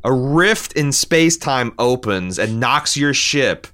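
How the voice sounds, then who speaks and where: A man's voice: mid-range voice, slow pace. A man co-hosting a podcast, chatting casually and profanely, acting out bits of dialogue. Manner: animated, profane, acts out quotes. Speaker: podcast co-host.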